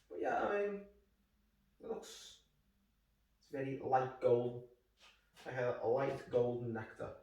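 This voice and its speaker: A man's voice: medium pitch, a little mellow, far from the mic, slight background noise. Scouse guy rambling and swearing through a beer review, lots of echo. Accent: Liverpool (Scouse). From Liverpool, England. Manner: rambling, jokey, sweary banter. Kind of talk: casual review chat. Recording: echoey room, voice off-mic.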